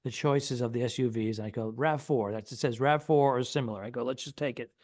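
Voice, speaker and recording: A man's voice: medium pitch, quick pace, a little mellow, dry recording. Man telling a rambling comedy story, dry mic. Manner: rambling anecdote, acts out quoted people. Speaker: podcast co-host.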